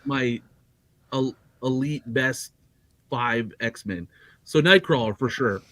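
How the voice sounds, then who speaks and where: A man's voice: medium pitch, takes it slowly, a bit bright, no room sound. Rambling man with a dry close sound. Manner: rambling, lots of fillers and restarts. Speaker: guest collector. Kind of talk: casual livestream chat.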